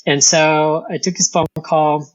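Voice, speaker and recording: A woman's voice: low voice, fairly even intonation, unhurried. Candid woman guest, muffled recording. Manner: candid, earnest, laughs between remarks. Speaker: interview guest. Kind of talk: personal storytelling in a conversational interview. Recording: dull lo-fi sound.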